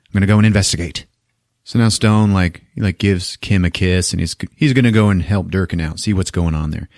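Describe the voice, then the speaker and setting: A man's voice: deep voice, fairly quick, a little mellow, dry recording, clean studio sound. A man hosting a podcast, casually retelling a movie plot with lots of swearing and laughter. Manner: profane, laughing storytelling. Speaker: podcast host.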